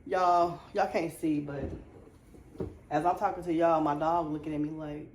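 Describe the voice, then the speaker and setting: A woman's voice: sits low, flat delivery, unhurried, a little mellow, roomy sound, slight background noise. A woman vlogger and mother, chatting casually and confidingly to her viewers while she cleans and cooks at home. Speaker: lifestyle vlogger, mother and wife. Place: home kitchen.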